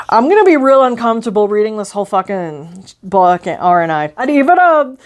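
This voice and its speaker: A woman's voice: mid-range voice, very animated, normal speed. A young adult woman giving casual, slangy, profane book commentary with lots of "like.". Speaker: book vlogger.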